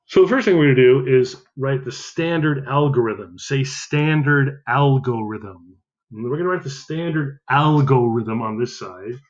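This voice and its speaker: A man's voice: medium pitch, expressive, normal speed, hardly any pauses, darkish tone, highs cut off. A male math teacher giving a recorded lesson, upbeat, counting aloud and correcting himself as he goes.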